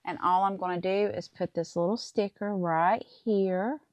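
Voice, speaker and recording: Lady doing a craft tutorial, kinda low voice, chatty, walks you thru every step. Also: fairly even intonation, measured pace, a little mellow, dry recording. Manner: chatty, talks viewers through each step. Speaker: crafting channel host.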